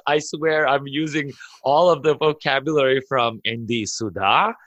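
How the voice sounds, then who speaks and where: A man, an imam, telling a dramatic story on a podcast, excitable and laughing as he goes. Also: medium pitch, no room sound. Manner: excitable, laughs through his story, rushes in bursts. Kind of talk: animated storytelling in a podcast chat.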